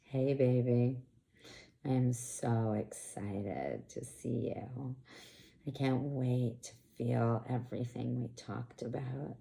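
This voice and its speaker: A woman doing a practiced seductive voice, breathy and whispered, in a slow, sultry delivery. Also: extremely low pitch, dark tone, pitched below the performer's own voice, full character voice. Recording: echoey room.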